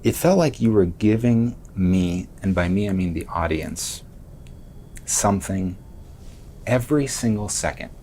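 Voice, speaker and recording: A man with a somewhat low voice hosts a podcast interview. He gushes and rambles, interrupting his own sentences. A faint rumble runs beneath the recording. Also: expressive, a little slow, mellow. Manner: effusive, rambling, self-interrupting. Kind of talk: enthusiastic interview talk.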